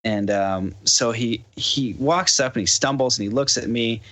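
A man's voice: mid-range voice, normal speed. A man, a podcast guest, telling a story in casual chat and animatedly acting out the dialogue. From Canada. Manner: animated, acts out quoted dialogue.

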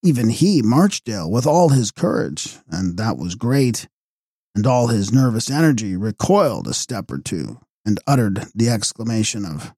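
Reading a gothic novel with measured drama, a male audiobook narrator uses a lowish, dark, mellow voice with a husky edge. He is very animated, and the recording is dry and close with no echo.

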